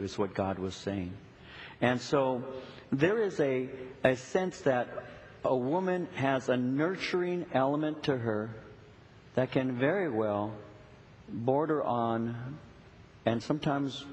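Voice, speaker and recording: A middle-aged male pastor preaching a sermon, telling a story with lots of repeated "and"s and lively retelling. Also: medium pitch, a little hiss or hum. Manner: storytelling, animated, with many repeated "and"s. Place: church sanctuary. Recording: long reverb of a church hall.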